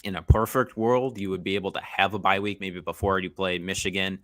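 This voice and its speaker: A man appearing as a guest on a sports podcast, talking in a measured way and thinking aloud with lots of fillers. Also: low voice, fairly even intonation, fairly bright tone, dry recording, clean studio sound. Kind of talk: casual sports podcast chat.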